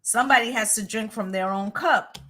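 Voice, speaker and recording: A woman's voice: a little high, normal speed, sharp tone, a little hiss or hum, rough recording. A woman giving a casual spoken tarot reading. She is emphatic and profane and keeps asking "right?". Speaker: tarot reader.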